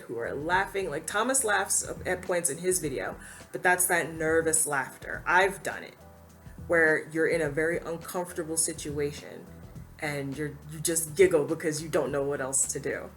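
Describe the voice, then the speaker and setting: A woman's voice: deep voice, moderate pace, a bit bright, faint music behind. A woman giving earnest, emphatic opinion commentary to camera, now and then quoting others in a mocking voice. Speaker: commentary YouTuber.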